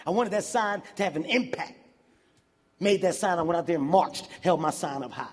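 A man performing a stand-up comedy set on a big stage, telling stories in an animated, profane way and bursting into shouts. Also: a little high, brisk, breathy edge. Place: large live venue on stage. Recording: reverberant hall with constant background noise.

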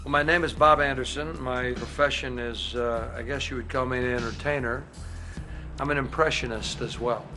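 A man who works as an entertainer and impressionist, introducing himself in a relaxed, friendly way. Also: medium pitch, normal speed, over music. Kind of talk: self-introduction in interview.

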